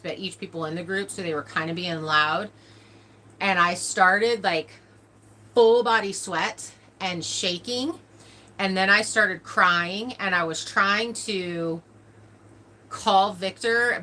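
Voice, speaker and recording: A woman's voice: medium pitch, pushed and bright, a little hiss or hum. A woman hosting a casual livestream, chatting and telling stories to viewers in a talkative, laughing way. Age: adult, older than a cousin nine years younger. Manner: chatty storytelling with frequent laughs. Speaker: livestream host of a farm channel. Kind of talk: casual livestream chat, answering viewer comments.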